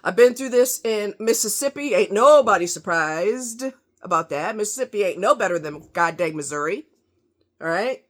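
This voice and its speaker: A woman's voice: medium pitch, expressive, normal speed. A woman with a mid-range voice vents her anger in a long profane rant to camera. Her delivery is heated and emphatic, the curses landing hard. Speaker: vlogger.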